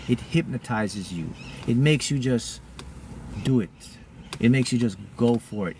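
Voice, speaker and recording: A man's voice: medium pitch, a little hiss or hum. A man talking casually to his viewers as a spiritual mentor, rambling and often breaking off to restart his sentences.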